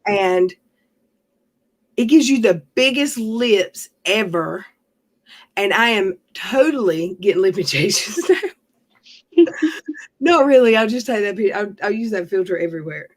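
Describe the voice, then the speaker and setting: A woman's voice: medium pitch, animated, measured pace, pauses often. A woman hosting a casual livestream, chatting in a rambling way and laughing often. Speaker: livestream host.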